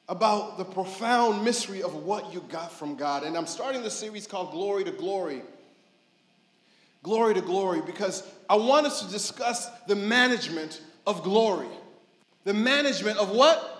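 A male pastor preaching an animated sermon, telling stories, mimicking people and shouting for emphasis. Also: high-pitched, normal speed. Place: church sanctuary. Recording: echoey church hall.

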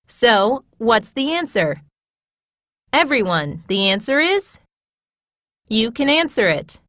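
A woman with a fairly high, very expressive voice reads classroom English phrases one by one in a clear, measured, teacher-like manner. She takes her time over each line. The studio sound is close and dry. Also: no echo. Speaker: narrator reading phrases.

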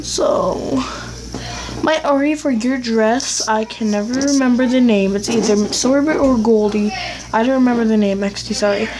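A woman's voice: a little high, moderate pace, rough recording. A woman giving casual gameplay commentary for her channel, rambling and blunt as she talks to herself. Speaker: gaming YouTuber.

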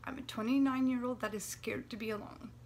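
A woman in her late twenties, talking in a personal vlog, anxious and near tears, with a dry throat, halting and often dropping to a whisper. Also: a little high, fairly even intonation, darkish tone, slight background noise. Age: 20s. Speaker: vlogger. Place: warm apartment room.

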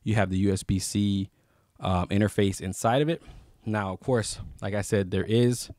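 A man's voice: on the low side, steady tone, moderate pace, a little mellow, dry recording, studio quality. A man casually reviewing microphones on camera, rambling with fillers and restarts. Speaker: YouTube gear reviewer. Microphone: close studio microphone.

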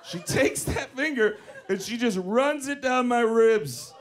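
A man doing live stand-up comedy on a club stage, telling an animated story with running callbacks. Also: very high-pitched, a little slow, crowd noise, noisy background. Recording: live club recording with audience laughter.

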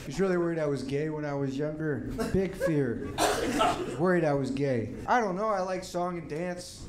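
Casual guy doing stand-up in a club, higher pitched, heavy noise in the recording. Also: normal speed, roomy sound. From Atlanta suburbs, US South. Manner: casual, conversational, loose asides. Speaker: stand-up comedian. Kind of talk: stand-up comedy set. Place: comedy club. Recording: loud background noise.

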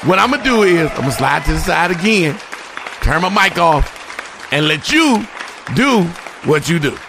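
Hype high-voiced male radio host. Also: measured pace, vocal fry, crowd noise, background noise. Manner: hype, animated, slangy banter. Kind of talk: casual hip-hop radio interview.

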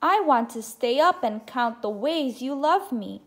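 A woman's voice: high voice, animated, unhurried. A woman doing an eager little bear cub.

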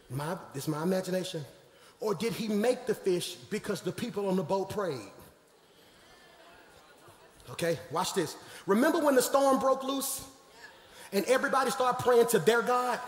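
A man preaching a live sermon as pastor in a large church sanctuary, joking with the congregation and swinging from low asides to shouted, emphatic preaching. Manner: playful, jokes with the congregation. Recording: echoey hall with long reverb.

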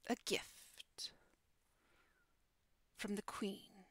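A woman's voice: very slow, dry recording. Woman whispering as a solemn dragon guardian. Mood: stern. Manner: hushed, breathy whispering delivery. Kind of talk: whispered role-play.

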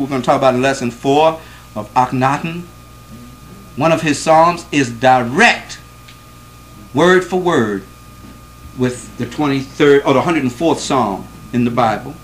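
A man's voice: medium pitch, normal speed, a bit bright, slight background noise, low-quality recording. A man giving a classroom lecture to a live audience, speaking with emphasis, quizzing the listeners and repeating points to stress them.

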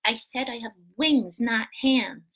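A cranky rubber chicken puppet, squawking high and indignant and snapping out blunt complaints, as a woman puts it on. It is a bright, springy cartoonish voice for a kids' show. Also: measured pace, breathy edge, full character voice, low-quality recording. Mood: annoyed.

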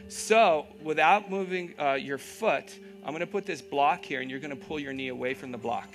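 A man's voice: on the high side, moderate pace, a bit bright, soft background music. A man teaching a live yoga class, giving encouraging cues, checking in with "okay?", and making playful asides.

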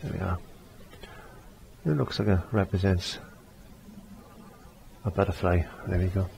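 A man's voice: sits low, unhurried, creaky, dark tone, a little hiss or hum. A man giving a chatty step-by-step painting tutorial, repeating phrases as he works. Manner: chatty, repeats himself while working. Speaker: painting teacher.

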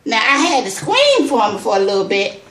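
A woman vlogger telling an excited personal story, exclaiming, repeating herself and calling her viewers y'all. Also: a little high, moderate pace, echoey room, heavy background noise.

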